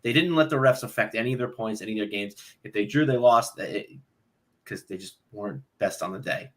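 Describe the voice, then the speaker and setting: A man's voice: lowish voice, fairly quick. A man on a panel, talking football in a blunt, fired-up way and swearing freely. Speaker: podcast panelist. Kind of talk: casual football chat.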